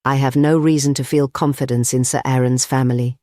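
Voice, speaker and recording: A calm, sneering manservant with a hacking accent, insinuating and unhurried, as a male reader puts him on. His voice sits mid-range and sounds close and dry. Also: medium pitch, dry recording, natural voice. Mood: placid. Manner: placid, insinuating. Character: placid sneering middle-aged manservant.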